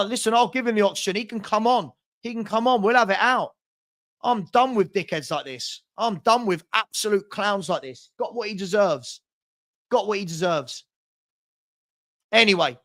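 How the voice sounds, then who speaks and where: High-voiced man, young, angry live watchalong rant, indignant and insulting. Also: bright, forceful tone. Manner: heated, insulting, indignant ranting. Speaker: host of a football watchalong.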